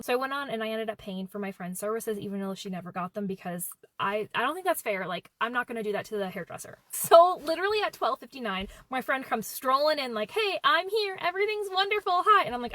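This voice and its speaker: Fast-talking bright woman telling a story. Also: medium pitch, dry recording. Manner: animated, quoting people in dialogue. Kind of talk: casual storytime.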